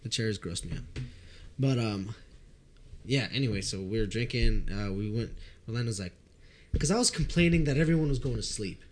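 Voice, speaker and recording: A young man telling a drinking story in casual chat, animated and profane, often laughing. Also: on the low side, moderate pace, pauses often.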